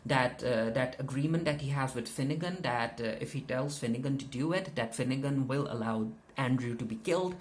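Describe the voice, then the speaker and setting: A man recapping and reviewing a TV episode in a casual, unscripted way, loosely paraphrasing what characters say and often pausing to restart his sentences. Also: medium pitch. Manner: hesitant, frequent fillers and restarts. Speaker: TV show reviewer.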